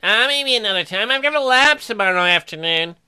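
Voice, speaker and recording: Bright-voiced woman reading game text. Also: medium pitch, fairly quick, smooth. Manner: deadpan narration broken by crude joking outbursts. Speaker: co-host reading a dating sim. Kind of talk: reading game narration with joking asides.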